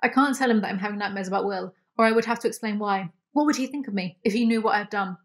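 A woman's voice: mid-range voice, quick pace. A young woman with a British accent reads a novel aloud and tears it apart with sarcastic asides. Her voice sits in a middle register. She swears freely and slips into mock voices for laughs. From United Kingdom. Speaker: book review YouTuber. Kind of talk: comedic book recap, reading aloud.

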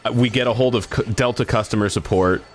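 A man's voice: medium pitch, fast, faint music behind. A man on a live stream telling a long story in a casual way, swearing a lot and acting out the people he quotes.

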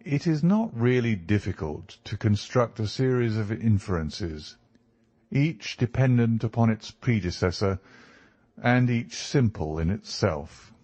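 A man's voice: fairly low pitch, dark tone, no echo. A man voicing a brilliant male detective who lectures in a precise, superior way.

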